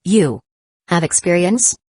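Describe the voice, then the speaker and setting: A woman voicing a playful, teasing teenage girl with a weak heart, soft and a little breathless. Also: fairly low pitch, expressive, takes it slowly, breathy edge, dry recording, clean studio sound, exaggerated voice.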